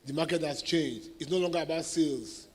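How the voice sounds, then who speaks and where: A middle-aged Nigerian man speaks to a sales audience in a fairly high voice. He tells his stories with animation. He keeps checking in with the crowd to make sure they follow. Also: fairly quick, darkish tone, slightly rough. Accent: Nigerian English. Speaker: guest speaker at a sales event. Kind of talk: motivational talk to an audience.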